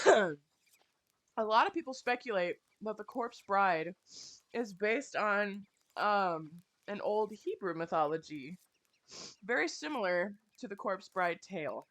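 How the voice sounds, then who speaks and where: A young woman ranting casually while she plays a game, swearing often and sounding animated and exasperated. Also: mid-range voice, takes it slowly.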